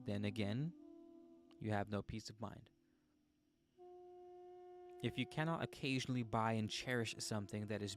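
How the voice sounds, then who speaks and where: A man of middle pitch hosts a livestream, reading a book aloud and stopping often for playful, chatty asides to his viewers. Guitar music plays clearly behind his voice.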